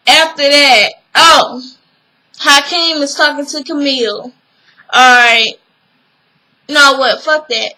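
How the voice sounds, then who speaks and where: Young woman, high voice, bright tone, casual recap, animated storytelling, swearing. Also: takes it slowly, pauses often, low-quality recording. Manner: animated retelling, acting out quotes, swearing. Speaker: TV episode recapper. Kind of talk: casual episode recap vlog.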